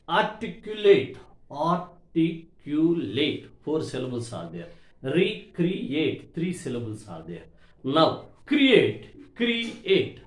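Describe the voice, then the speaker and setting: A man with an Indian English accent teaching an English lesson, repeating words slowly and stressing their syllables. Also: on the high side. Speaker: English lecturer. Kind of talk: classroom grammar lesson. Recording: echoey room.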